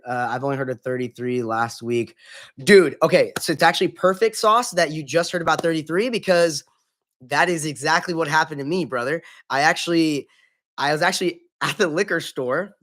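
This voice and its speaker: A man's voice: medium pitch, a bit bright. A man hosting a casual gaming live stream, chatting in an upbeat, chummy way, greeting viewers by name and swearing casually.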